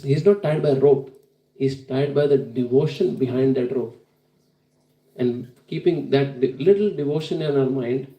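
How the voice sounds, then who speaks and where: A man giving an earnest, animated devotional sermon that tells a story. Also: mid-range voice. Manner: earnest, animated, laughs while telling. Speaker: devotional speaker. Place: temple hall. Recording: roomy hall, distant mic.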